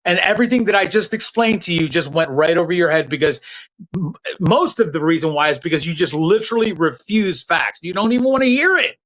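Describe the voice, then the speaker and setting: A man's voice: high voice, animated, brisk, a bit bright, poor audio. A man hosting a live political commentary stream, talking bluntly and with heat straight to his chat viewers, using loose slang and restarting his sentences. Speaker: political commentary livestream host.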